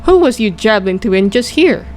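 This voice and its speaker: A woman voicing a huge, brutish man-eating male giant who booms and shouts insults. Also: big pitch swings, fairly quick, a little hiss or hum. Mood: bullying.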